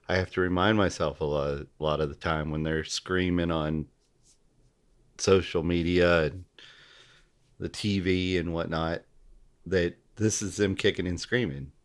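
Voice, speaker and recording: A man as a podcast guest in casual political chat, halting and often restarting his sentences. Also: sits low. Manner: halting, repeats and restarts, gropes for names.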